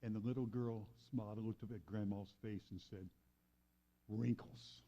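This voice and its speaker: A man pastor preaching a sermon, moving between raised emphatic lines and quiet, hushed storytelling. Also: lowish voice, fairly even intonation, fairly quick, highs cut off. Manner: preaching with dramatic swings from loud to hushed.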